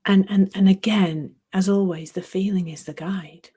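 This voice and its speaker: A middle-aged woman giving a reflective spiritual talk, musing unhurriedly, laughing at herself and dropping into soft near-whispers. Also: medium pitch, fairly even intonation, normal speed, breathy edge.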